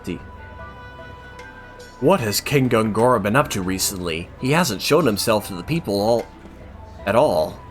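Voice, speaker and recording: A man's voice: lowish voice, lively intonation, measured pace, long pauses, soft background music. A man streaming a game, chatting casually and reading its story text aloud.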